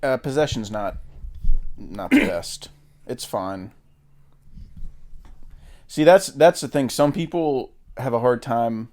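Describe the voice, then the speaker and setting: A man's voice: mid-range voice, lively intonation, takes it slowly, pauses often, a little mellow. A man co-hosting a podcast, chatting casually and with strong opinions, swearing now and then and using lots of fillers. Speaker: podcast co-host. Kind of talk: casual film chat.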